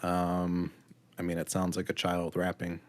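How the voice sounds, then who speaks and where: A man's voice: low voice, monotone, measured pace, no room sound. A man co-hosting a podcast, giving a blunt, critical album review in casual chat with frequent ums. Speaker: podcast co-host.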